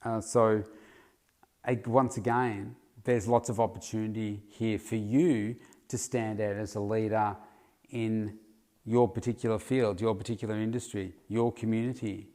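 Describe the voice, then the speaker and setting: A middle-aged man with a fairly low voice talks through a solo podcast episode. He speaks loosely and conversationally, circling back with fillers and false starts as he works through his thoughts. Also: little pitch movement, a little slow, mellow. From Australia. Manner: casual and rambling, with frequent fillers and restarts. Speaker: podcast host, health coach.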